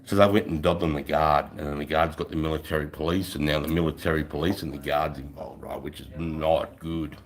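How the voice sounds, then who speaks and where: A man's voice: a bass voice, steady tone, brisk, hardly any pauses. A middle-aged man with an Australian accent telling a rambling story on a livestream, swearing freely and tagging lines with "right?". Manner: swearing, rambling, tags 'right?'. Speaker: livestream host. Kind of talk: casual storytelling.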